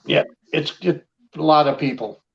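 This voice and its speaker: A man in a casual chat, tossing in quick wisecracks. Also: fairly high pitch, steady tone, vocal fry, fairly bright tone, lo-fi sound.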